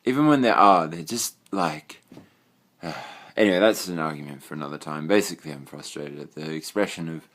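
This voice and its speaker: Casual room-tour vlogger: young Australian guy, deep voice, meandering and sweary. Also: moderate pace, a bit bright. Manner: rambling, swears casually, trails off with fillers. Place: own bedroom.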